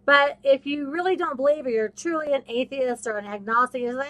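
A woman's voice: high voice, lively intonation, normal speed, pushed and bright. A woman hosting a podcast, preaching to her listeners in an emphatic, repetitive way and slipping into other people's voices. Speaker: podcast host. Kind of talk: casual faith talk, preaching to listeners.

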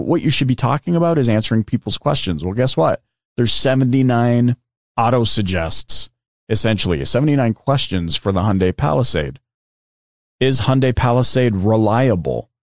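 A man's voice: mid-range voice, no room sound, studio quality. A man hosting a podcast, talking through a screen demo in a loose, chatty way with lots of fillers and asides. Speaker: podcast host. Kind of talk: casual explainer with screen demo.

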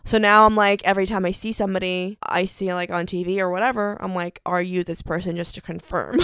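A woman's voice: fairly low pitch, moderate pace, creaky, hardly any pauses, fairly bright tone, clean tone, no echo, clean studio sound. A young woman hosting her own podcast, telling a story in bubbly, gushing casual chat full of fillers. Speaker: podcast host.

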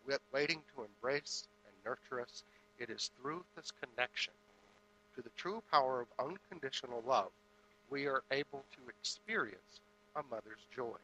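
A man giving a spiritual sermon in a measured, deliberate way, with pauses between phrases. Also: mid-range voice, lively intonation, sharp tone, slight background noise, poor audio. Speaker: spiritual speaker.

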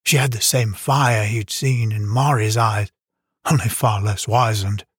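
A man narrating an audiobook in a measured, even storytelling manner. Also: on the low side, breathy edge, no room sound, studio quality. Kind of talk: scripted narration.

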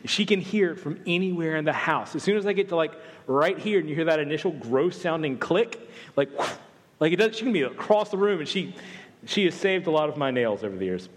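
Southern guy pastor cracking jokes in his sermon, kinda high voice, big echoey church. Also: expressive, brisk. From American South. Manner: joking, conversational, self-deprecating. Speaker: campus pastor. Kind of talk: humorous sermon. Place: church sanctuary.

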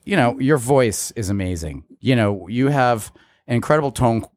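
A man co-hosting a podcast, telling stories in an animated, rambling way. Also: mid-range voice, normal speed, no echo. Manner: animated storyteller with restarts. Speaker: podcast co-host. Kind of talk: casual chat.

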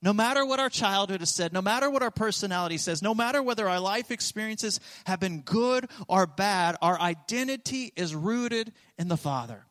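A man's voice: high voice, expressive, normal speed, few pauses, a bit bright. A man preaching a sermon as pastor, earnest and emphatic, repeating his key phrases for weight, in a church sanctuary. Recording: long reverb of a large hall.

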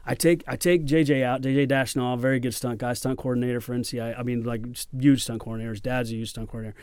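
A man, a guest actor, telling casual rambling anecdotes in an animated way. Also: mid-range voice, quick pace, clean tone, no echo, studio quality. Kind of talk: casual storytelling chat.

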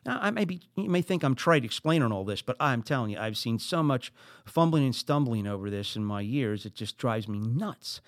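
A middle-aged man with a New Jersey accent hosting a podcast, giving business advice in an animated way with high emphatic bursts. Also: normal speed, no room sound, clean studio sound. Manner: animated, acts out exasperated quotes, rising into high emphatic bursts. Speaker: podcast host.

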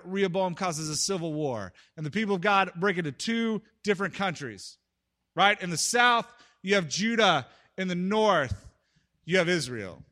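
Bright-voiced man preaching with dramatic swings. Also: high-pitched. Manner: dramatic, swings between loud outbursts and hushed pauses. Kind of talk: sermon storytelling.

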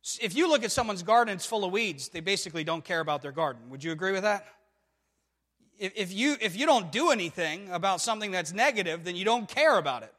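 A man's voice: high voice, lively intonation, fast talker, a bit bright, in a large hall. A man preaching a sermon, emphatic and full of rhetorical questions to the congregation. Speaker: pastor.

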